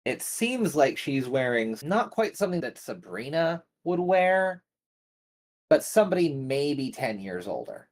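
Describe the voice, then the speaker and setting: A man runs a tabletop role-playing game as game master, narrating at an unhurried, slow pace. He describes each scene deliberately, one beat at a time. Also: medium pitch, very animated.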